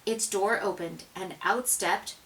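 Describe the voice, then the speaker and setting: A woman reading a children's picture book aloud, with expressive, dramatic narration and hushed asides. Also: medium pitch, a little slow, distant mic, a little hiss or hum, poor audio. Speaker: storybook reader.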